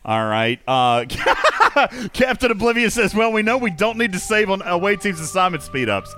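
A man's voice: high-pitched, normal speed, faint music behind. A man hosting a casual live stream, reading chat aloud and reacting with exasperation. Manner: animated, exasperated, reads chat comments aloud. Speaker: livestream host.

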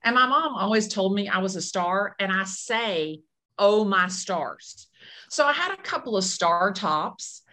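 Animated woman telling stories. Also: medium pitch, moderate pace, hardly any pauses. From Atlanta, Georgia. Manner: animated storyteller acting out quotes. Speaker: real estate agent. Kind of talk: casual interview chat.

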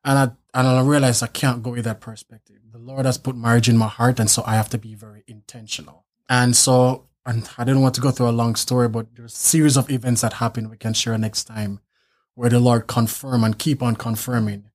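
A man casually sharing a faith testimony about his marriage, acting out quotes as an animated storyteller. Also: mid-range voice, a little fast. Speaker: husband telling their story.

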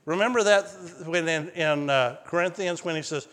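A man preaching a sermon as pastor, telling stories in an animated way that climbs high when excited. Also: moderate pace. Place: church sanctuary. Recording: long hall reverb.

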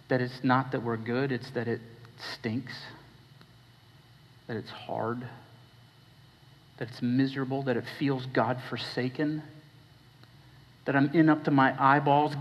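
A man's voice: mid-range voice, level tone, a little slow, long pauses. Male pastor, conversational sermon, questions the room, reverberant hall, dull mic sound. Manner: conversational, questioning the congregation, shifting between hushed and raised. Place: church hall.

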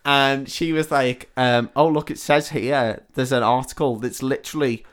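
A man co-hosting a comedy podcast, recapping a film's plot in a casual, sweary way and slipping into quick voices for the characters. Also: mid-range voice, fairly even intonation, smooth. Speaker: podcast co-host.

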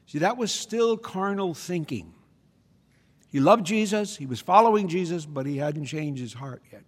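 A man with a slightly high voice preaches a teaching homily in a church. He talks conversationally and keeps checking in with the audience. Long reverb from the hall trails his words. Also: expressive, moderate pace. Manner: conversational, checks in with the audience by asking "okay?" and "hmm?".

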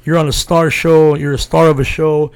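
A man's voice: a little high, level tone, normal speed, clear, resonant tone. A man hosting a podcast, joking loosely and swearing a lot in casual chat. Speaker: podcast host.

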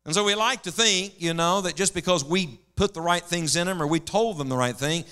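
A man's voice: sits high, a little fast, bright, forceful tone, clean tone. A man preaching a sermon to a congregation, earnest and preacherly, often quoting others aloud.

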